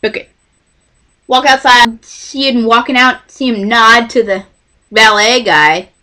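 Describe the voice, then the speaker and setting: A woman's voice: fairly high pitch, measured pace. A young woman from Texas telling a story to camera in a casual vlog, acting out what others said. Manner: animated, acts out the voices of others in her story. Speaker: vlogger.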